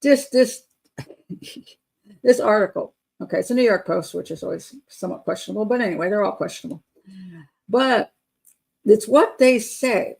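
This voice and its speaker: A woman's voice: medium pitch, normal speed, creaky, pauses often, darkish tone, breathy edge. An older woman hosting a live chat show, blunt and opinionated, laughing often as she reads out viewer comments.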